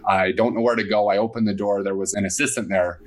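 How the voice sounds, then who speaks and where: Lower-voiced man telling a story. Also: fast talker. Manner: animated storyteller acting out quoted dialogue. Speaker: guest. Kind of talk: casual storytelling interview.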